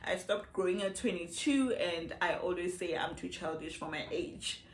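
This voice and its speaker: A woman's voice: lowish voice, normal speed. A South African woman in her thirties, chatting playfully to the camera and laughing often in a casual get-to-know-me vlog shot on a phone. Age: 30s. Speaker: vlogger. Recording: echoey room.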